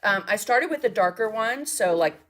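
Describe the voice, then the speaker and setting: A mixed media artist hosts a live demonstration, chatting, thinking out loud as she works, and answering viewer comments. She speaks at a normal speed in a fairly high, expressive, fairly bright voice.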